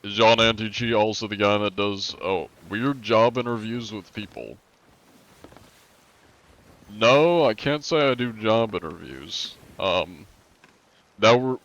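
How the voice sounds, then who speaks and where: A man's voice: lowish voice, fairly bright tone, highs cut off. A man chatting casually and joking around while streaming a game. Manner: joking, playful, talks while playing. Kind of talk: casual live-stream chat with role-play.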